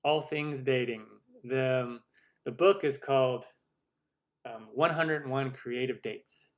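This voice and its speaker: A middle-aged man hosts a casual live stream from his computer. His voice sits at an ordinary middle pitch, and he rambles through answers with plenty of restarts and little laughs. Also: slow. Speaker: host of a cooking channel live stream.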